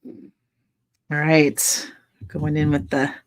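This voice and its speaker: Lady rambling on a craft livestream, slow and gravelly, laughs a lot. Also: on the low side, a little mellow. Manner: chatty, rambling, laughs often. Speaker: livestream host. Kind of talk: casual livestream chat while crafting.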